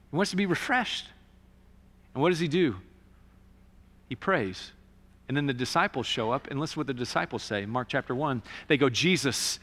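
A male pastor preaching a conversational sermon in a church, swinging between loud emphatic bursts and hushed, quiet passages. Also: fairly high pitch, animated, moderate pace, long reverb tail. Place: church sanctuary.

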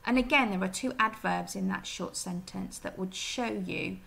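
A woman teacher giving a recorded reading lesson, explaining gently and asking her pupils questions. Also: medium pitch, normal speed, gravelly. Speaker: primary school teacher.

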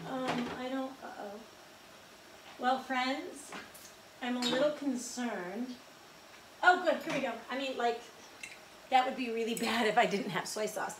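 A home cook vlogger in her thirties chats casually while cooking in her own kitchen, rambling, joking at her own expense and using lots of fillers. Her voice is high-pitched and picked up by a distant mic, with a noisy background. The kitchen sounds echoey, with faint ambience.

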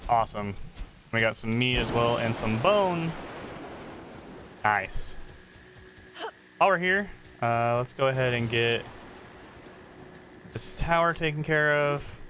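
A man giving casual let's-play commentary while gaming, chatty and excitable, reacting out loud to the game. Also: mid-range voice, takes it slowly, pauses often, background noise. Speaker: gaming streamer.

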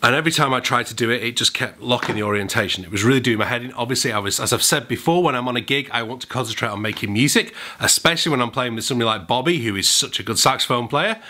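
A chatty man talks straight to his viewers in a casual vlog. His voice is bright and clear, sitting at an ordinary pitch, and he rambles along in an upbeat, apologetic way. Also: rapid-fire, few pauses. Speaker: vlog host and musician. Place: at home indoors.

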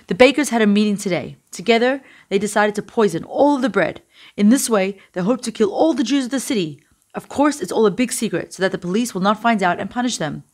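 A woman voicing a grown man who comes at night to give an urgent, hushed warning, in a storybook reading. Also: medium pitch, lively intonation, a little fast, natural voice. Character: grateful grown man, urgent secret warner.

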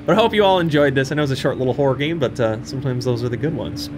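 A young man hosting a horror game playthrough, talking to viewers, jumpy and swinging from hushed muttering to yelps. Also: mid-range voice, racing, over music. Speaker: gaming channel host. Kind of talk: horror game let's play commentary. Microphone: desk microphone.

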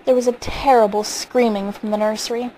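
A woman reading a short story aloud in a calm, measured storytelling manner. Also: a little high, slight background noise, rough recording. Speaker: reader.

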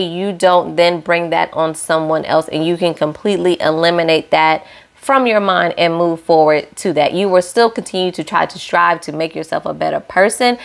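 A woman's voice: on the low side, vocal fry. A young woman hosting a casual reality-show recap, sassy and opinionated, scolding the cast directly.

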